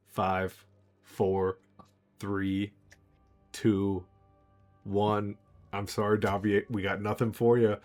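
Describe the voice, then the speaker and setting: A man's voice: fairly low pitch, a little mellow. Playful man running a tabletop game. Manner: playful, laughs often. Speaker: game master.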